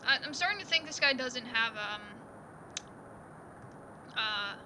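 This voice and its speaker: Role: game streamer. Style: casual let's-play commentary. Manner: swearing, self-deprecating, hesitant. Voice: high, lively. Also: female voice, unhurried, noisy background.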